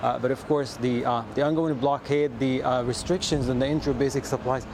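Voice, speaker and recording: A man reporting live from the field for a news broadcast, speaking haltingly with many fillers and restarts. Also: medium pitch, steady tone. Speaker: field correspondent. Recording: noisy outdoor line. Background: drone and street noise.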